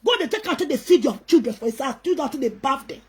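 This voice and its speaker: A woman's voice: sits high, lively intonation, quick pace, darkish tone. A woman with a Nigerian Pidgin accent, scolding and ranting defiantly to camera in an emphatic, repetitive way. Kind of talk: angry rant to camera.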